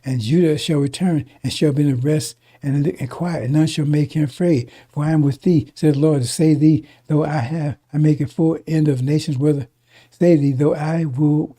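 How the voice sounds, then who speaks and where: A man's voice: a little high, warm tone. A man preaching a sermon, reading scripture aloud and then explaining it in casual talk, often asking "right?". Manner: reads verses then explains in casual speech, many restarts and "right?".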